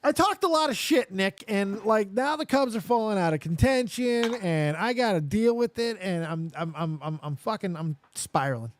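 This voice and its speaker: A man's voice: high-pitched, expressive, normal speed, hardly any pauses. A man hosting a podcast in casual chat, rambling, swearing and mocking himself. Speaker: podcast host.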